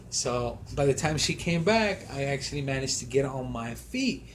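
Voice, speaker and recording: A man's voice: medium pitch, lively intonation, normal speed, few pauses, slight background noise. A man co-hosting a podcast, casually telling a story with animation and acting out his own thoughts. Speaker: podcast co-host. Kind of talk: casual chat.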